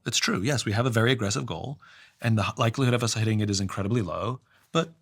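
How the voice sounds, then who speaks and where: Gravelly low-voiced man telling a story. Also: quick pace, no room sound, studio quality. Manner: reflective, restarts often, low trailing endings. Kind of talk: conversational storytelling.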